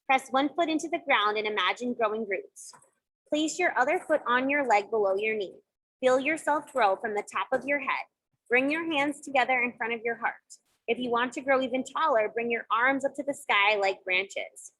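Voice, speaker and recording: A woman leading children through yoga poses and breathing games, giving gentle, encouraging instructions with playful sound effects. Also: on the high side, normal speed, rough recording. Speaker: kids yoga teacher. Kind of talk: guided kids yoga and mindfulness.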